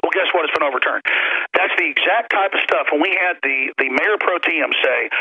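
A man's voice: a little high, moderate pace, husky, lo-fi sound. A man hosting a talk radio show, ranting insistently and often repeating words as he pushes his point. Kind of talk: heated talk radio monologue.

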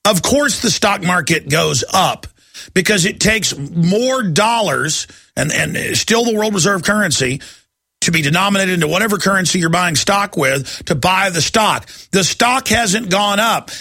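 Male call-in radio host: combative, gravelly ranter, bright and dry. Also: sits high, dry recording. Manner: combative, ranting, rapid-fire. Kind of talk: heated call-in radio talk.

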